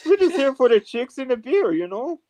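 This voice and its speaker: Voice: sits high, big pitch swings, fairly quick, warm tone. A crude, joking male alien visitor, put on by a panelist, rambling and hesitant with fillers everywhere. He moans about being copied and swears he only came for fun. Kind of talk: comic panel role-play.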